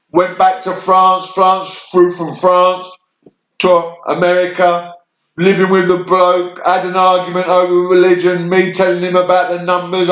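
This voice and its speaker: A man's voice: sits high, muffled recording. A man from Kent with a southern English accent, telling a rambling personal monologue in short, fragmented bursts that jump between memories. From Kent, England. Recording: echoey room.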